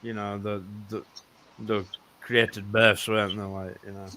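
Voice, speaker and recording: A man's voice: on the low side, level tone, measured pace, bright, forceful tone, no room sound. A man in casual chat, speaking hesitantly and unsure of his words.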